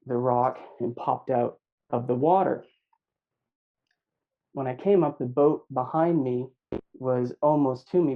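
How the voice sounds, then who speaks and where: A man's voice: mid-range voice, vocal fry. Reflective middle-aged man, lo-fi recording. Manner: reflective, halting, many fillers and restarts. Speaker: guest recounting a near-death experience. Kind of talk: personal account in an interview.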